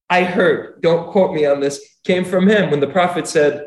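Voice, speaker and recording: A man's voice: fairly high pitch, normal speed, few pauses. A man who does surgical missions abroad, earnestly retelling a story and acting out the quoted dialogue. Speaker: surgeon doing medical missions. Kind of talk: casual storytelling talk. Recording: roomy echo.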